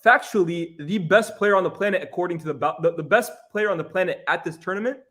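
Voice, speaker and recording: Guy going off about football, kinda high voice, keeps repeating himself for effect. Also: fast talker. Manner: animated, laughing, repeats points for emphasis. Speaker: football pundit co-host. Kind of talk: casual football chat.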